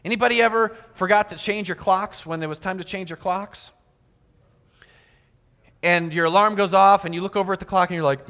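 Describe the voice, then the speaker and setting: A man's voice: sits high, a little fast, fairly bright tone. A man giving a sermon in a church, acting out little everyday scenes with quoted voices. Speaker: preacher. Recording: long hall reverb.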